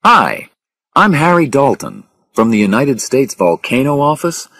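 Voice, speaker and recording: A man's voice: mid-range voice, sing-song, measured pace, fairly bright tone, husky, dry recording, clean studio sound, pitched above the performer's own voice, exaggerated voice. A man reading a storybook, voicing an earnest male volcano scientist in a slightly raised voice.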